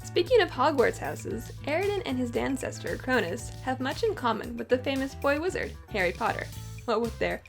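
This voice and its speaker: Lively young woman narrating over music. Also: high-pitched, normal speed, gravelly. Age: young adult. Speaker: co-host of fandom facts video. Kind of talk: scripted facts narration with banter. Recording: music bed behind voice.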